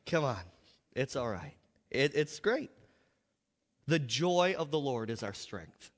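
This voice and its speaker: American guy preaching loud then soft, joking around, big reverb in the church hall. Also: mid-range voice, expressive, takes it slowly. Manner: emphatic, joking, dramatic swings in volume. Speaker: pastor. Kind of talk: revival sermon. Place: large church sanctuary.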